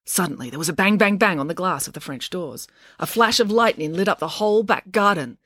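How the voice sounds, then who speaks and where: A woman author narrating a storybook chapter in a calm, expressive reading. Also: on the low side, brisk, no echo, studio quality.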